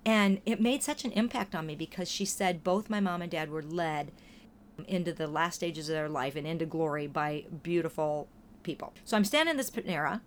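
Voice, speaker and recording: A woman's voice: deep voice, brisk, a little hiss or hum. Chatty woman telling faith stories. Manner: lively storytelling, acts out quoted voices. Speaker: podcast guest or co-host. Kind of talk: casual chat.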